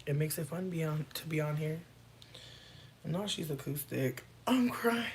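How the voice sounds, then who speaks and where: A woman's voice: sits low, animated, unhurried, darkish tone, slight background noise. A woman chatting casually on a livestream, reading and answering comments in a playful, laid-back way with plenty of swearing.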